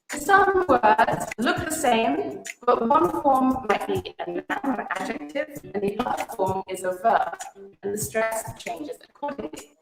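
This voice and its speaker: A woman narrating a scripted pronunciation lesson in a lively voice that swoops up on stressed words. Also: a little high. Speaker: pronunciation teacher in a video. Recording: echoey room with music behind.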